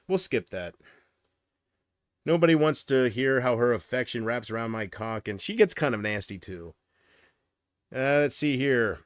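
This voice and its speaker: A man's voice: mid-range voice, expressive, normal speed, no room sound, studio quality. Rambling, profane livestreaming man. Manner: rambling, profane, talks to chat by name. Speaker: livestream host. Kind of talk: casual livestream rant to chat.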